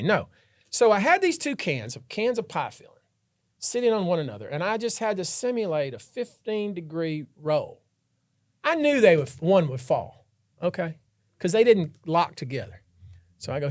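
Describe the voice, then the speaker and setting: A man hosting a podcast, a trial lawyer telling a story in an animated, dramatic way and acting out the scenes. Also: on the high side, normal speed, no echo, studio quality. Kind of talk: casual storytelling chat.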